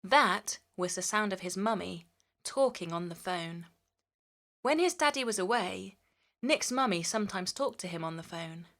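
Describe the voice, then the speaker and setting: A woman's voice: mid-range voice, expressive, normal speed, fairly bright tone. A woman narrating a children's story in a playful way, stretching words out to mimic sounds.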